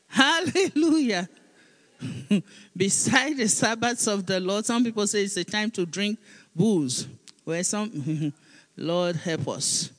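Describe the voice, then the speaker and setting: A woman pastor preaching a sermon, reading scripture aloud and calling on the congregation to repeat after her. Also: medium pitch. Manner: reads scripture aloud, pausing for responses. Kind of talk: sermon with call-and-response.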